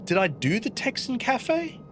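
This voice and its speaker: A very high-pitched man with huge pitch swings speaks in an unhurried way against a noisy background. His casual live stream has him gaming, chatting, reading out and answering viewer messages, and muttering playfully to himself.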